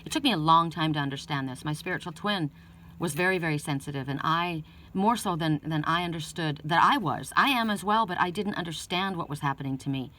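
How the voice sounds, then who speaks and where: A woman's voice: low-pitched, fairly quick, a bit bright, far from the mic. A woman giving an oracle card reading, telling personal stories in an earnest, rambling way and often restarting sentences.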